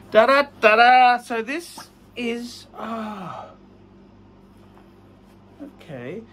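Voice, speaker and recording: A middle-aged man hosting his own vlog, chatting casually through a live unboxing, excitable and humming to himself as he opens a parcel. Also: extremely high pitch, slight background noise. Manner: excitable, hums while working, mock-sarcastic. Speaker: vlog host.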